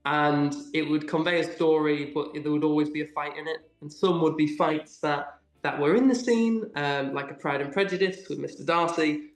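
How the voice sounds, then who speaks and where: A man's voice: a little high, normal speed, hardly any pauses, echoey room. A young man from England, an actor, chatting eagerly in a casual interview with lots of ums and likes. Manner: enthusiastic, many ums and likes. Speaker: actor guest. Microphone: video call.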